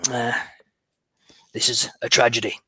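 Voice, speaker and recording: An old, knowing aristocrat, as a game master puts him on, talks in a measured, gentlemanly way with small hesitations. His voice is bright and sits at a middling pitch, heard close and dry with no room echo. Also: monotone, slightly rough. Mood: composed. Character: elderly male aristocrat, composed and knowing.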